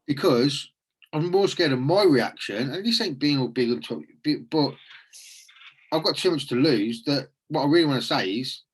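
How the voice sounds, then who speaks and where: A man's voice: fairly high pitch, moderate pace, slightly rough. A man hosting a casual, reflective chat, earnest and rambling with frequent restarts.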